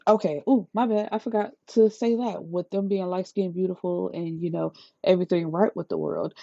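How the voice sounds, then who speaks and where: A woman reviewing a book in a casual rant, retelling the plot in an incredulous, profane, lively way. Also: lowish voice, moderate pace, no room sound. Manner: incredulous, profane, animated storytelling. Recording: slightly dull lo-fi sound, dry.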